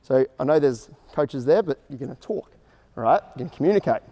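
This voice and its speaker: A man coaching a basketball clinic on an indoor court, explaining drills in short casual instructions and calling out quick cues. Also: medium pitch, lively intonation, dark tone. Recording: echoey gym hall reverb.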